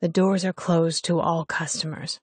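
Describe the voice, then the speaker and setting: A woman's voice: lowish voice, flat delivery, normal speed, breathy edge, no room sound. A woman voicing a curt, irritated night guard. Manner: curt, grunting, dismissive. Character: irritated hungover male security guard. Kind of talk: audiobook character voice.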